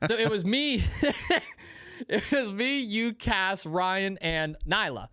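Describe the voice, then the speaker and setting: A man's voice: sits high, slow, no echo, clean studio sound. A young man in his twenties co-hosting a podcast, telling a story in casual chat and acting out the people in it. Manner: animated storyteller acting out quotes. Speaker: podcast co-host.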